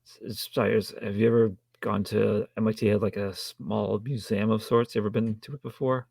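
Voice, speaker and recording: Gravelly low-voiced wry podcast co-host man. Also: level tone, darkish tone, no echo. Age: adult with a child. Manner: dry wry humor, halting restarts. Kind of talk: casual film review chat.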